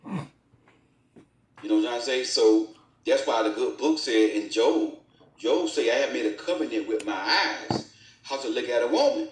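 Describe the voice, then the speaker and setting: A man's voice: medium pitch, lively intonation, measured pace, long pauses, recorded from a distance, a little hiss or hum. A man co-hosting a casual relationship talk, speaking in an earnest, preachy way and quoting scripture. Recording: roomy, off-mic.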